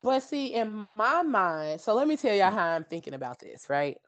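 A woman's voice: medium pitch, sing-song, moderate pace. A woman in a casual podcast chat, laughing and correcting how her answer was retold. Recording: dull lo-fi recording.

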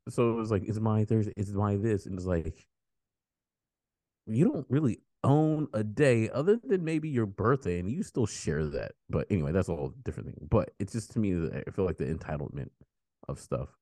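Rambling, swearing low-voiced man. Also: expressive, brisk, mellow, dry recording. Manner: rambling, profane storytelling with many restarts. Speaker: podcast host. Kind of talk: casual chat.

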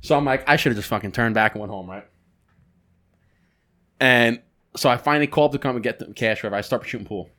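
Male podcast co-host, casual storyteller, animated and profane, acts out his own reactions. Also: mid-range voice, quick pace, pauses often.

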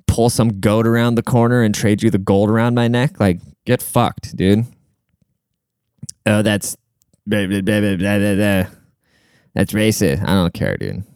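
Young man, low voice, smooth, swearing, sarcastic, rambling rant. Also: darkish tone, no room sound, clean studio sound. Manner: looks things up mid-talk. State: short of breath at times. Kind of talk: casual rant.

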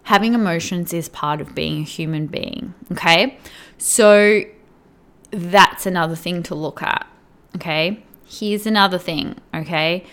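A woman's voice: on the low side, measured pace, a bit bright. A woman coach giving earnest direct advice to the viewer, often checking in with "right?" and "okay?". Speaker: weight-loss coach.

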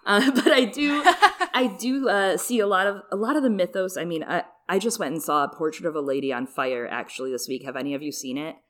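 A woman hosting a podcast, chatting in an animated way and laughing often. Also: lowish voice, fairly quick. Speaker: podcast host. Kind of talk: casual podcast chat.

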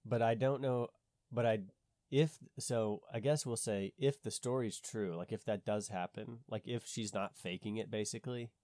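A man's voice: fairly low pitch, fairly even intonation, moderate pace, mellow, no room sound, studio quality. A man in casual conversation, skeptical and questioning, thinking aloud with frequent restarts.

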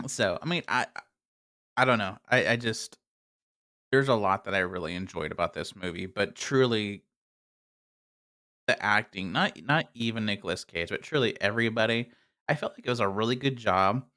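Casual male co-host, bright tense tone, halting speech with lots of "I don't know". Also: fairly low pitch. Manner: hesitant, many fillers and "I don't know". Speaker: podcast co-host. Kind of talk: casual chat.

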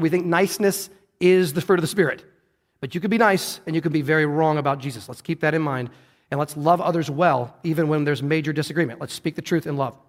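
A man's voice: a little high, long reverb tail. A man preaching a sermon, earnest and often repeating or correcting himself as he goes. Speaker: pastor.

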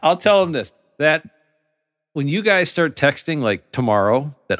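Male co-host, relaxed and meandering, expressive pitch, dry mic. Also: moderate pace, no room sound. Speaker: podcast co-host. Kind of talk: casual podcast chat.

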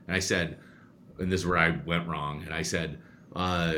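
Deep-voiced coach, bright and animated. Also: male voice, normal speed. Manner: animated storyteller, many restarts and repeats. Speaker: youth baseball coach. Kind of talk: casual chat.

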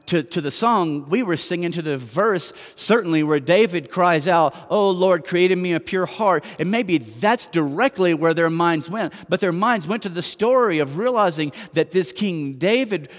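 A man's voice: fairly high pitch, animated, a little slow. A man preaching a sermon as pastor, in a conversational, self-deprecating way with rhetorical questions. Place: church sanctuary. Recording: long church hall reverb.

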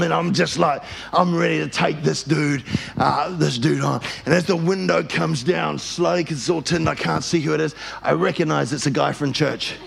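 A man's voice: on the high side, gravelly, a bit bright, breathy edge. A male pastor preaching a sermon at a church service, telling stories with animation and leading the congregation in call-and-response.

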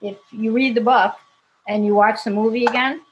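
A woman's voice: on the high side, fairly even intonation, normal speed, dull audio, background noise. A woman, an actress, casually telling anecdotes in an interview, chatty and laughing often. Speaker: actress guest.

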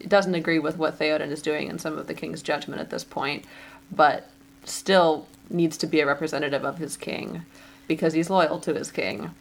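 A young woman with a slightly lower voice co-hosts a casual podcast. She talks with enthusiasm and giggles often. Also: fairly even intonation, normal speed, gravelly, poor audio. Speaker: podcast co-host. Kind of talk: casual chat.

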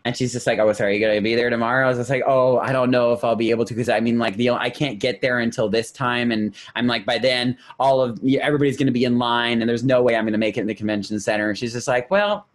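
A man chatting casually on a podcast, an excited storyteller who acts out what people said. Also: mid-range voice, fast, few pauses. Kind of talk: casual chat.

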